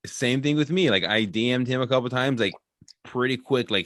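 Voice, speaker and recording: A man's voice: medium pitch, fairly quick, fairly bright tone, no room sound, clean studio sound. A man hosting a podcast, chatting enthusiastically in a rambling way with many fillers. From American Midwest. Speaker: podcast host. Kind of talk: casual interview chat.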